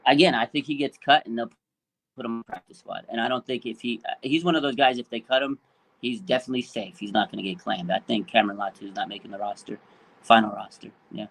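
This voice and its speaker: A man's voice: mid-range voice, steady tone, fast, a bit bright, rough recording. Brief: male sports talk co-host, chatty storyteller who laughs easily. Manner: chatty, laughs easily, tells fan stories.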